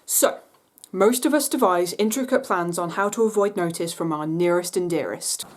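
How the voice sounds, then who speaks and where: A woman's voice: fairly low pitch, moderate pace, a little hiss or hum. A woman hosting a cabaret, delivering scripted comic narration with a playful touch. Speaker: cabaret host.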